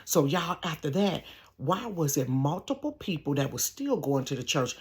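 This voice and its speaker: A woman in her bedroom, telling a personal story straight to her viewers in a casual, animated way. She acts out other people's words and speaks close to her camera. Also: deep voice, moderate pace. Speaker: storytime vlogger.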